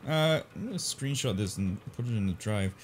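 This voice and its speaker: A man's voice: on the low side, lively intonation, a little fast, a little hiss or hum. A man in his twenties co-hosting a casual let's-play, teasing and blunt with his friend. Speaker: co-host of a gaming channel.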